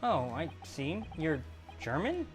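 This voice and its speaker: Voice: medium pitch, huge pitch swings, takes it slowly, faint music behind. A gamer voicing a skeptical, earnest young male lawyer in a plain, doubtful voice. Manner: dry, doubtful. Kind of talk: fan voice-over of a game.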